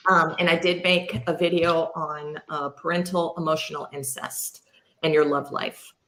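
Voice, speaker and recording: A woman's voice: low-pitched, level tone, normal speed, fairly bright tone, a little hiss or hum. A middle-aged woman hosting a candid chat, blunt and self-mocking, swearing freely. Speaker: podcast host.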